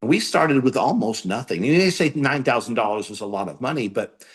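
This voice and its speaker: A man's voice of middle pitch, speaking earnestly and plainly as he answers a podcast host. When he reaches an anecdote, he warms up and gets more animated. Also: a little fast. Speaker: guest filmmaker. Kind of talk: interview answers.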